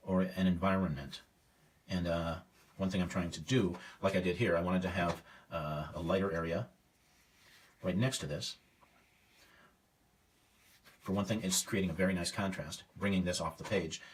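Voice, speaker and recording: Deep-voiced man painting and talking. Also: recorded from a distance, slight background noise. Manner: self-critical, thinking aloud while painting; casual, hesitant with fillers. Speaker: art teacher. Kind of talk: live painting demonstration.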